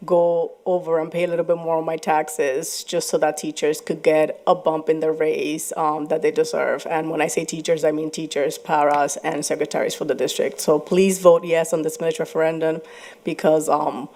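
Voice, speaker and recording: A woman resident gives a hesitant public comment, often pausing on "um". Her voice is very low for a woman and stays flat and even. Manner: hesitant, with fillers. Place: public meeting chamber.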